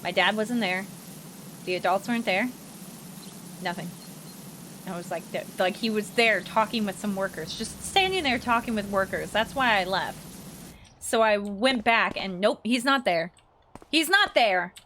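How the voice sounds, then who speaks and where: A woman's voice: normal speed, long pauses, slight background noise, low-quality recording. A young woman with a Midwestern accent, telling a story to her stream while playing, and her voice leaps up when she is exasperated. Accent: Midwestern American. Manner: animated, jumps high when exasperated. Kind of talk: casual storytelling while gaming.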